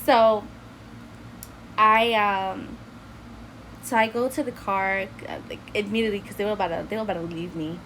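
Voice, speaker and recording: A young woman from New City, telling a personal story in casual chat from her bedroom, animated and laughing often as she acts out quotes. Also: medium pitch, moderate pace, pauses often, a little hiss or hum, low-quality recording. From New York City.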